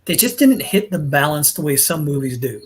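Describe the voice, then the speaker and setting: A male guest on a movie review panel, chatting in an easygoing way and giving measured opinions. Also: a little high, very animated, crowd noise. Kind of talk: casual chat.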